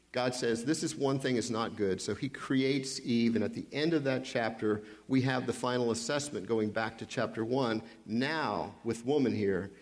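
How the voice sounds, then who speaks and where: A man preaching a sermon, reading scripture aloud and pressing home points with repeated questions and deliberate pauses. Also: mid-range voice. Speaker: pastor.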